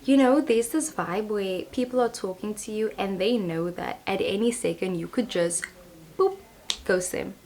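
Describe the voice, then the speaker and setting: A woman's voice: medium pitch, moderate pace, darkish tone. Chatty young woman doing a tarot reading. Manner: chatty, playful, laughs at herself. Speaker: tarot reader. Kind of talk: casual tarot reading to camera.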